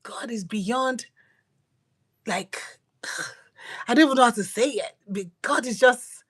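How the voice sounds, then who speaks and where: A woman's voice: a little high, unhurried, breathy edge. Emphatic woman preaching a sermon. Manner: emphatic and repetitive, swinging from loud declarations to whispers. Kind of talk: devotional sermon.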